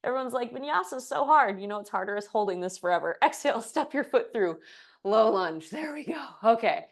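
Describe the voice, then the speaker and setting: Cueing poses to the rhythm of breathing, this woman teaches a live yoga class while slipping in friendly, laughing asides; the movement leaves her out of breath. She speaks in a mid-range voice, animated and brisk.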